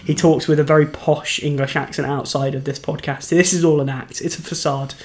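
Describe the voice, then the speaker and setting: A man with a notably high voice banters on a casual beer podcast. He teases his co-host and cuts in often with quick jokes. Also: level tone, noisy background. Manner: teasing, interrupting, quick to laugh. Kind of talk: casual podcast chat reviewing beers.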